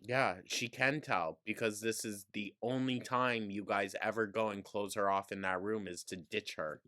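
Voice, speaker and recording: Snarky, bright-voiced reaction commentator. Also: low voice, steady tone, normal speed. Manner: snarky, mocking, profane asides. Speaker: commentary host.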